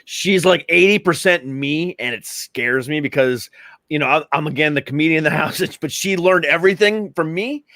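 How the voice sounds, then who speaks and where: A man's voice: on the high side, moderate pace, a bit bright, no echo. A middle-aged man chatting casually on a podcast, rambling, swearing freely and laughing often.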